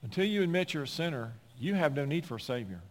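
A man preaching from the pulpit, his somewhat high voice rising into emphatic, near-shouted declarations. He talks in a folksy way, repeating words and looping back through phrases. His sermon rings out with a long reverb through a large church sanctuary. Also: animated, quick pace. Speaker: pastor.

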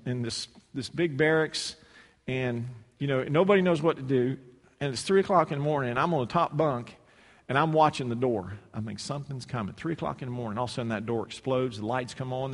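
Man preaching in a reverberant hall. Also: mid-range voice. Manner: storytelling with humor and sudden shouted quotes. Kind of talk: sermon with personal story.

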